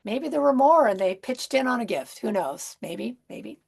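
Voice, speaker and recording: Husky, gravelly-voiced woman minister preaching. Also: on the high side, animated, normal speed. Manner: gentle, conversational, with soft asides and rhetorical questions. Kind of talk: Christmas sermon.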